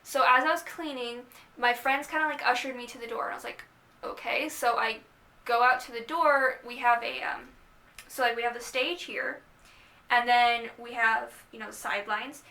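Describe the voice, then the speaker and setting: A young woman casually telling the story of how she started dating, chatty and animated, quoting herself and others as she goes. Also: a little high, moderate pace. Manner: chatty, animated retelling with quoted asides. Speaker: vlogger.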